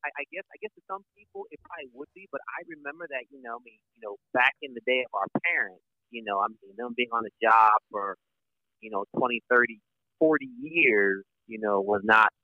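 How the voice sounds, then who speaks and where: A man's voice: mid-range voice, expressive, brisk, no room sound, phone-quality sound. A man in his forties, a Navy lawyer, telling his story in a casual interview with many fillers and restarts. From United States.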